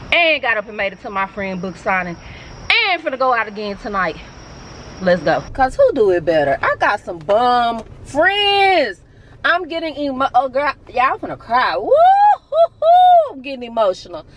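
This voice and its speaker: A woman's voice: a little high, fairly bright tone, a little hiss or hum, rough recording. A young woman, chatting casually and emotionally to her vlog viewers on a phone camera. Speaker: vlogger.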